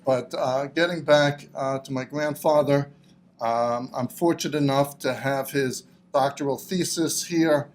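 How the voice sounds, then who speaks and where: A middle-aged man in an oral history interview, speaking reflectively and haltingly with frequent fillers. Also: medium pitch, fairly even intonation.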